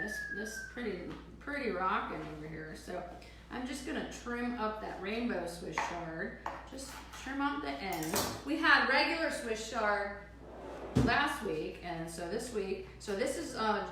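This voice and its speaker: Chatty woman in an echoey kitchen. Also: medium pitch. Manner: chatty, playful, many fillers and restarts. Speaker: cooking show host. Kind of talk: live cooking demonstration, casual chat. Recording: echoey room, far from the mic, noisy.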